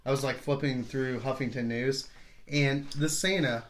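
A man's voice: mid-range voice, steady tone, normal speed, a little hiss or hum. Casual man reading news stories. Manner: loose, swearing, reads news stories aloud with jokes. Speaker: podcast host. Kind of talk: casual podcast chat.

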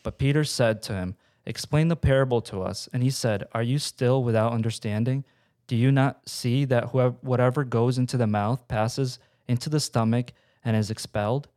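A man on a casual podcast reading a scripture passage aloud in a plain, steady way, with small slips. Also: mid-range voice.

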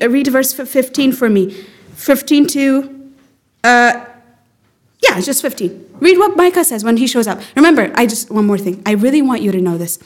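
A woman leading a lively group Bible lesson, acting out the quotes with sudden jumps in pitch as she questions her listeners. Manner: animated, acts out quotes with rising pitch. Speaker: Bible study teacher.

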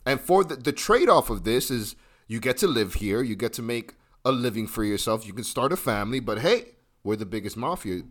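A man hosting a podcast, ranting emphatically in casual chat and swearing freely. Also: lowish voice. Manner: profane, emphatic, animated ranting. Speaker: podcast host.

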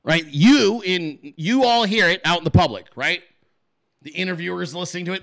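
A man hosting a podcast in a casual, profane rant, acting out quick voices in his stories. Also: high voice, gravelly, dry recording. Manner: animated, swears a lot, acts out voices in his stories. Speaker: podcast host.

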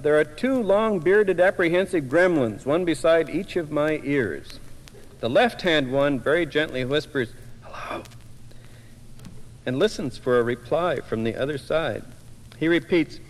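A man, a poet, reading his own poem aloud in a wry, expressive way with sudden loud outbursts. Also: fairly high pitch, long reverb tail, a little hiss or hum, poor audio. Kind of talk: poetry reading.

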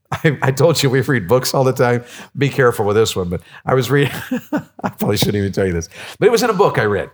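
A man preaching a sermon as pastor, animated and jokey, with many restarts. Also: medium pitch, fast, slightly rough.

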